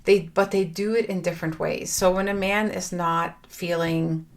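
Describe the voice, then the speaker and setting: A woman's voice: lowish voice, fairly even intonation, normal speed. A middle-aged woman hosting a podcast, talking earnestly and reflectively in a personal monologue, with fillers and restarts. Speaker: podcast host.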